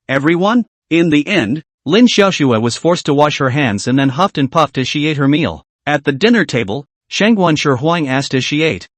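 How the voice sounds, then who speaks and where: Lively dry-voiced male narrator. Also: on the high side, moderate pace, few pauses, no echo. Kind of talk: scripted story recap narration.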